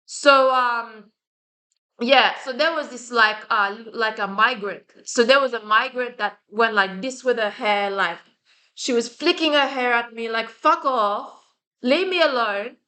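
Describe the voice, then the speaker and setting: A woman ranting straight to camera in an agitated vlog. She swears often and trips over restarts as she goes. Her voice sits a little high and has a sharp, bright edge. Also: measured pace. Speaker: vlogger. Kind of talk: heated monologue to camera.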